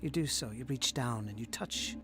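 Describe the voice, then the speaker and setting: A man running a live tabletop game as game master, narrating scenes in a measured, descriptive way. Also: mid-range voice, a bit bright, faint music behind.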